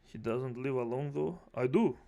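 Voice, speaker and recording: A man's voice: mid-range voice, moderate pace, creaky, dark tone. A man streaming, reacting to videos and answering chat with angry, profane rants. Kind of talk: live reaction commentary.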